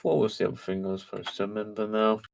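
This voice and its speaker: A man playing a tabletop role-playing game, talking in a slow, lively way and chuckling as he plays his character. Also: fairly low pitch, gravelly. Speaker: player.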